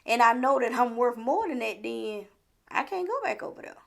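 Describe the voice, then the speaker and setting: High, gravelly woman giving a pep talk. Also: expressive, normal speed. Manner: repetitive, preachy, rhetorical questions. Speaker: vlogger. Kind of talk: motivational talk to camera.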